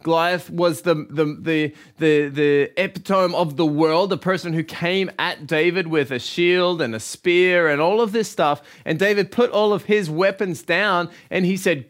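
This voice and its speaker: A man's voice: sits high, normal speed. A young male pastor, preaching a sermon in an encouraging, conversational way.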